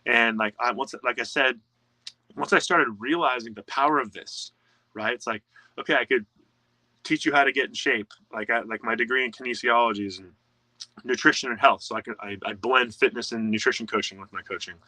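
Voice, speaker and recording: A man's voice: mid-range voice, brisk, pushed and bright, no echo, rough recording. A man speaking as a life coach in a live online presentation, earnest and full of fillers. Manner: earnest, talkative, filler-heavy.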